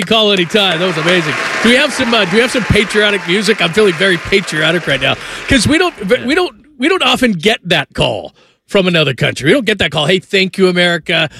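A man hosting a radio call-in show, reacting to a caller with excited, amused remarks. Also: high-pitched. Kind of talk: talk radio banter. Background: music.

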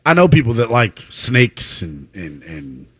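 A young man co-hosting a casual chat, playful and quick to laugh, telling rambling anecdotes. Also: medium pitch, big pitch swings, breathy edge, dry recording.

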